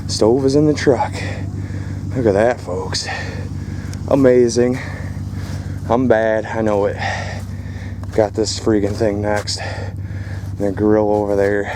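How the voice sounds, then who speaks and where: A man with a somewhat low voice narrates his own phone video outdoors, loose and profane, calling out to viewers as folks and boys. He sometimes sounds winded from hauling heavy junk. Faint outdoor noise sits under the recording. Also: dark tone. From Michigan. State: out of breath while hauling. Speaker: scrapping vlogger. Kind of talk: casual vlog narration. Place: outdoors at a rural property.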